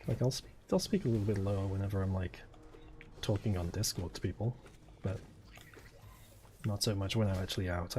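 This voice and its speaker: Quiet, low-voiced young man chatting. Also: brisk, pauses often, slight background noise. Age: 20s. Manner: quiet, low-key and soft-spoken. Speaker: streamer. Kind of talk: casual chat while gaming.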